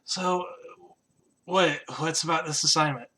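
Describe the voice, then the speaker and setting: A man's voice: fairly high pitch, fairly even intonation, a little slow, bright, forceful tone, breathy edge, heavily acted. A man voicing a drunken old male priest, dazed and slurring. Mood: groggy.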